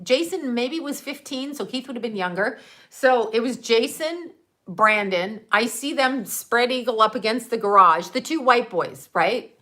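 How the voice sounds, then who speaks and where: A middle-aged woman casually telling a story, brash and animated, swearing freely and often laughing mid-sentence. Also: a little high. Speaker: mother and channel host.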